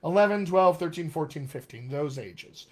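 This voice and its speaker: A man's voice: on the high side, animated, normal speed, a little mellow. A middle-aged man, a dialect coach, teaching in a live online question-and-answer session, upbeat and encouraging as he speaks straight to his viewers.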